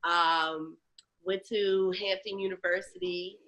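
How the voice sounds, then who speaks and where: A woman from Chicago telling stories as an interview guest, lively and acting out other people's lines. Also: on the low side, slow. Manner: animated storyteller, acts out quoted voices. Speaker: guest, lactation educator and comedian. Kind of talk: casual interview chat.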